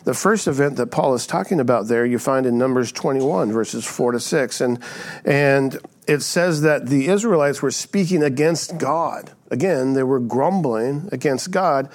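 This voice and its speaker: A man preaching to a church congregation in a relaxed, conversational teaching manner. His voice sits at a middle pitch, and he keeps tossing out rhetorical "right?"s as he walks through the text. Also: measured pace. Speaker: pastor. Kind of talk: sermon.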